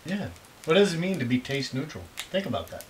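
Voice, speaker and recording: A man's voice: fairly high pitch, very animated, a little fast, a little hiss or hum, poor audio. A middle-aged man from the United States, a father hosting a casual snack-tasting video, who rambles and teases with dry jokes. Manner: rambling, teasing, jokey.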